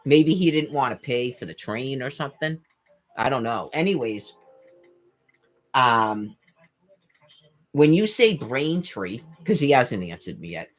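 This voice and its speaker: A woman's voice: extremely low pitch, sing-song, a little slow, pauses often, faint music behind. A woman vlogging an exasperated, profane rant, full of rhetorical questions and stumbling restarts, now and then mimicking what others said. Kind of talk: rambling rant to camera.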